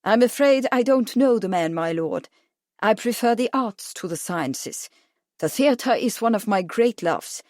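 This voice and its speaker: A woman reading the lines of a suave, monocled aristocratic count in a measured, smooth way. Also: a little high, expressive, darkish tone, no echo, studio quality.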